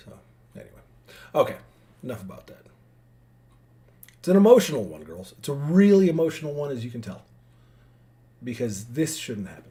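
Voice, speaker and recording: A father pours his heart out to his daughters in an emotional vlog. His voice swings up and down with feeling, and he circles back over his own words, restarting sentences as he goes. The pitch sits in an ordinary middle register. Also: very animated, a little fast, pauses often, mellow.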